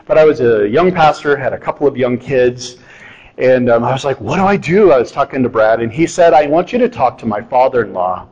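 A middle-aged man preaching a sermon in a conversational, animated way with touches of self-deprecating humor. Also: medium pitch, a little fast, muffled recording. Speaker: pastor.

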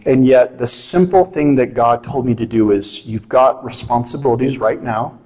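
A middle-aged man delivers a sermon as a pastor, speaking conversationally rather than formally. His voice sits in a mid-range pitch, and he keeps an animated, lightly humorous tone throughout. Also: normal speed, lo-fi sound. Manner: conversational, animated preaching with self-deprecating humor.

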